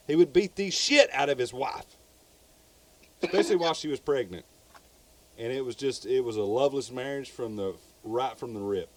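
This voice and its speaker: A man with a Southern US accent, co-hosting a podcast and casually telling a true crime story. He rambles, repeats words and swears freely. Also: mid-range voice.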